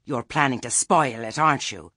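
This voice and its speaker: A man's voice: mid-range voice, normal speed, bright, forceful tone, dry recording, clean studio sound, pitched above the performer's own voice. A man voicing a prim, bossy woman on a village committee, accusing and officious. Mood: stern, accusing.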